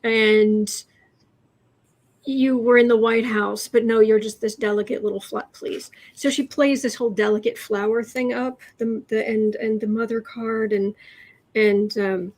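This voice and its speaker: A woman hosting a casual tarot reading chat, talking haltingly with fillers and restarts. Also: on the high side, fairly even intonation, darkish tone. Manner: mimics the person she reads about. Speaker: host, tarot reader.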